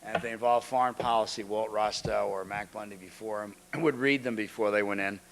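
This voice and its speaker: Halting older man telling stories. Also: fairly low pitch, fairly even intonation, slight background noise. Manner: halting storyteller, frequent restarts and throat clearing. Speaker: guest lecturer. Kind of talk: anecdotal lecture. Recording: archival lecture recording.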